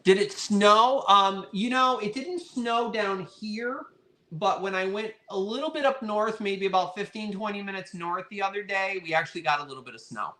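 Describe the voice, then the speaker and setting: A man's voice: sits high, moderate pace, pushed and bright. Friendly chatty man hosting a live sale. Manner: chatty and friendly, thanks viewers often. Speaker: host of a live online vintage sale. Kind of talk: casual live-stream chat.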